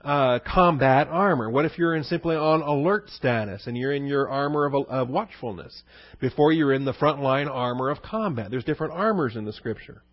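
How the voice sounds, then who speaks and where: A man's voice: medium pitch, normal speed, dry recording, highs cut off. A male pastor giving a conversational verse-by-verse sermon, asking his listeners questions and answering them himself, with many fillers.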